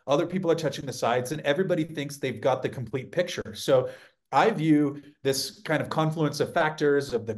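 A man speaking as a guest on a podcast, in a measured and reflective way. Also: medium pitch, darkish tone. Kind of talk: casual podcast conversation.

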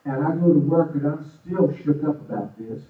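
A man's voice: on the high side, moderate pace. A man telling his own testimony in a sermon, storytelling with lots of energy and acting out the quotes. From Arizona, USA. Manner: animated storytelling with acted-out quotes. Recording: echoey far-off phone-like sound.

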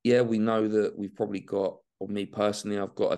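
A man's voice: fairly low pitch, little pitch movement, a little fast, mellow. A young man talking casually and swearing freely in a podcast chat, dropping mate and man into his sentences. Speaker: bodybuilding guest.

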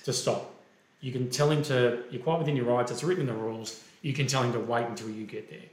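An Australian man telling a golf story in a loose, animated way, slipping into the voices of the people he quotes. His voice sits at an ordinary middle pitch. The room around him rings with a clear echo. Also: quick pace. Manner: animated, acts out quoted dialogue. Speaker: golf referee and podcast co-host. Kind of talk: casual storytelling.

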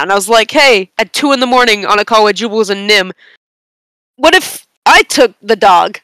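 A young woman on a casual podcast, telling a long story in an animated, rambling way with bursts of laughter. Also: mid-range voice, brisk, smooth, no echo. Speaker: podcast co-host.

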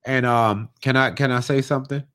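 A man's voice: mid-range voice, fairly even intonation, fairly quick, a bit bright, clear, resonant tone. A young man co-hosting a comedy podcast in a laid-back, emphatic, profane way. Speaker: podcast co-host. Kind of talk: casual comedic chat.

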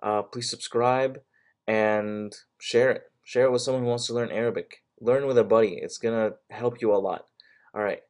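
Guy teaching on his podcast, medium voice, says stuff slow and repeats it. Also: medium pitch, steady tone, a little mellow. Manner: slow repetition of phrases, explanatory. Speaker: Arabic teacher and podcast host. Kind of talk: casual language lesson. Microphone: podcast mic.

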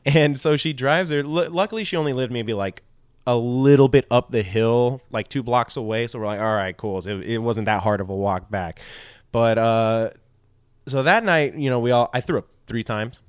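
A man's voice: mid-range voice, moderate pace, smooth, no room sound, studio quality. A man telling a long party story in casual chat, swearing often and acting out the people he quotes. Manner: profane, rambling, animated with quoted voices.

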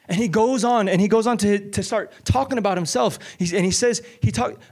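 A man preaching a conversational Bible-teaching sermon, energetic and repeating lines for emphasis, often checking in with "okay?" and "right?". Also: high voice, a little fast, vocal fry, few pauses. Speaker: pastor.

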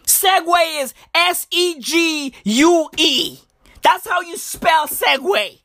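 A woman's voice: extremely high pitch, animated, takes it slowly, a bit bright, no echo, clean studio sound. A woman giving crude, mocking comedic commentary in slangy talk. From South Africa.

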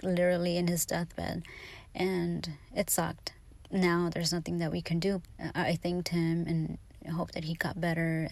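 A woman's voice: on the low side, creaky, no room sound. A woman hosting her podcast, talking through personal stories in a rambling, candid, emotional way with lots of fillers. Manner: grows animated and anxious in later stretch. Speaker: podcast host. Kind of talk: casual confessional monologue.

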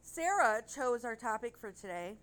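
A woman's voice: fairly high pitch, sing-song, normal speed, fairly bright tone. Chatty, gushing young-sounding woman. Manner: chatty, swears casually, gushes and rambles. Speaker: podcast co-host. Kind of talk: casual chat.

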